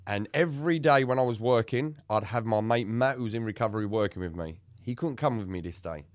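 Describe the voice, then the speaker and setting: Candid and animated, a man co-hosting a casual podcast tells his own story while swearing freely. His voice is mid-range and a little fast, in a dry, clean studio recording.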